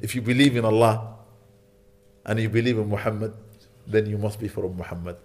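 A man preaches in a mosque with a lowish, darkish voice, speaking briskly but pausing often. Emphatic and repetitive, he keeps checking in with listeners by asking "Okay?" and weaves in Arabic phrases and recitation.

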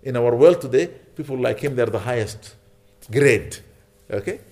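A man delivers an earnest sermon inside a mosque, at an ordinary middle pitch. He drives his points home by repeating them and keeps checking in with the congregation. He slips easily into Arabic phrases and recitation. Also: expressive, moderate pace, darkish tone. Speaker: preacher.

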